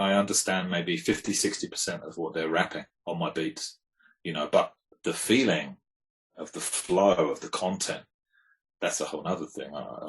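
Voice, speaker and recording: Deep-voiced laid-back man. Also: poor audio. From England. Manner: laid-back, rambling and reflective. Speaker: guest, hip hop producer. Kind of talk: casual conversation.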